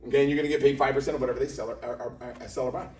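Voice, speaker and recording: A man's voice: medium pitch, flat delivery, very fast, a little mellow. A man from Indiana giving a joking sales presentation to a live audience, often asking the room questions. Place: company office meeting room. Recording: echoey room, from a distance.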